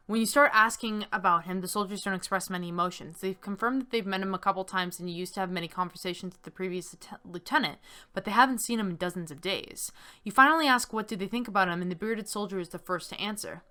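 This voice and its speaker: A young woman plays a text game on stream, reading the story aloud and chatting loosely, with easy laughter and plenty of fillers. Her medium-pitched voice is fast, bright, and forceful, with a clear, resonant quality.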